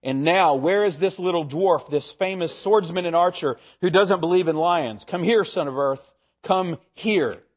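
A man reading aloud the lines of a mighty, stern but kind male lion king, louder and commanding. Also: high-pitched, normal speed, hardly any pauses.

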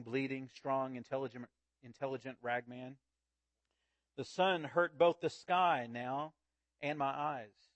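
A man preaching a sermon, reading a story aloud in a slow, dramatic way with big swings in loudness. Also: medium pitch, dry recording, dull audio. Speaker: pastor.

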